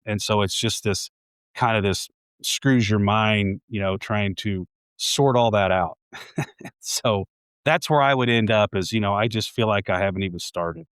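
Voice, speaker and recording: A man's voice: lowish voice, a little slow, fairly bright tone, clean tone, dry recording, studio quality. A man in his forties, a home builder guest, talking casually and reflectively in a podcast conversation, with frequent restarts. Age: 40s.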